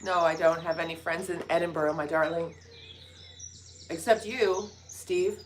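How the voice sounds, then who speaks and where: Chatty woman with a low voice. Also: steady tone, a little slow, slight background noise. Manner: chatty, joking asides, talks to her dogs. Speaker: vlogger. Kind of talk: casual morning chat. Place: indoors by a window, birds outside. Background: birdsong.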